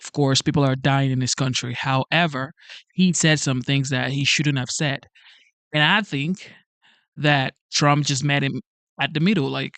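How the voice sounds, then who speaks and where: A man giving casual reaction commentary on a political clip. He is excitable and keeps blurting out exclamations. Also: medium pitch, measured pace, dry recording.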